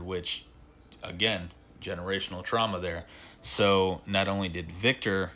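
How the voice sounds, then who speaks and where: A man's voice: deep voice, pushed and bright, slight background noise. A man giving a casual spoken film review, retelling the plot in a rambling way full of fillers.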